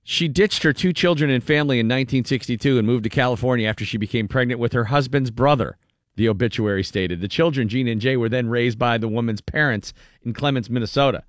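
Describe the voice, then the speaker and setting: A man's voice: medium pitch, fast talker, no echo. A man hosting a morning radio show, chatting casually and reading a news item aloud with playful quoted voices.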